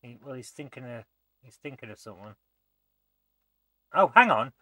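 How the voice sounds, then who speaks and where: Male let's play host, bright dry voice, mutters and thinks aloud. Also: medium pitch, expressive, moderate pace, no room sound. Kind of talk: gameplay commentary.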